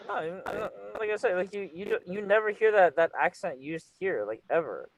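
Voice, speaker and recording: A man's voice: high-pitched, animated, normal speed, a little hiss or hum, low-quality recording. A man hosting a casual, flirty interview, teasing his guest and laughing often. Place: California.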